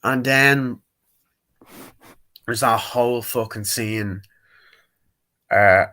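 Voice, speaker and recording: A man's voice: mid-range voice, fairly even intonation, drawn-out words, sharp tone. A man giving a casual, rambling movie review, retelling scenes and acting out lines from them. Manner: rambling, retells scenes and acts out quotes in put-on voices.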